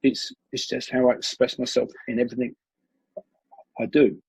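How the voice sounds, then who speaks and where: A man, a martial arts coach, telling animated stories in a conversational interview, often restarting his sentences. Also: medium pitch, normal speed, vocal fry, slightly rough, dry recording. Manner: animated storyteller with frequent restarts. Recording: dull lo-fi recording.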